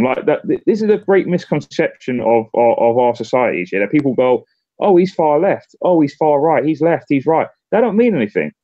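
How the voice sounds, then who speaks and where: A man's voice: medium pitch, darkish tone, no echo, highs cut off. A man, a political candidate, in a casual political chat, often restarting and repeating words as he gets going. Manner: halting, repeats words when starting sentences.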